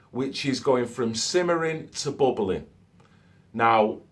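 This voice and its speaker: A man, talking in a loose, conversational monologue and adding "okay?" and "so to speak" as he goes. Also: mid-range voice. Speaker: vlogger. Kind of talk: casual monologue to camera.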